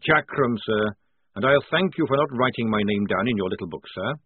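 A man's voice: fairly low pitch, expressive, fairly quick, slightly rough. A man doing a sly old army sergeant. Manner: sly, conspiratorial, folksy soldier talk. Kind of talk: audiobook character voice. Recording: tinny, dry, phone-like sound.

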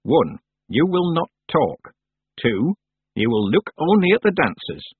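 A man voicing a stern old woman witch who gives clipped, sharp orders. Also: medium pitch, big pitch swings, moderate pace, husky, dry recording, voice pushed up. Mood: commanding. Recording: tinny phone-like sound.

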